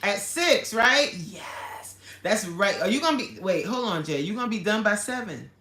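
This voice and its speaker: A woman's voice: medium pitch, animated, normal speed, a bit bright, roomy sound. A woman fitness coach hosting a casual livestream, reading viewer comments aloud with playful, slangy banter and frequent laughter.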